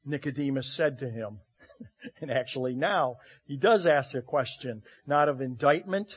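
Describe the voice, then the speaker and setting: A man preaching a sermon as pastor, expressive, moving between loud emphasis and quiet asides with dramatic pauses. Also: mid-range voice, slightly rough. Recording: muffled lo-fi recording.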